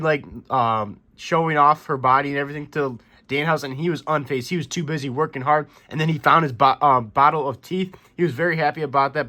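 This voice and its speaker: A man's voice: mid-range voice, fairly bright tone. A man hosting a casual wrestling recap, rambling through the action and correcting himself as he goes. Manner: rambling, self-correcting play-by-play. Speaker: wrestling recap channel host.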